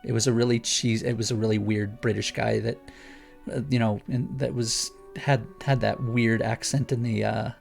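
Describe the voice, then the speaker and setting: Male guest, gravelly, eager rambling explainer, faint music under. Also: medium pitch, level tone, normal speed. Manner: rambling, enthusiastic explainer with many restarts. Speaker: guest author. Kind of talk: casual chat.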